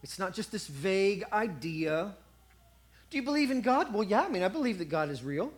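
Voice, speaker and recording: A man with a high-pitched voice delivers a sermon. He tells his story with animated energy and briefly acts out the voices of a cheering crowd. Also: moderate pace. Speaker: preacher.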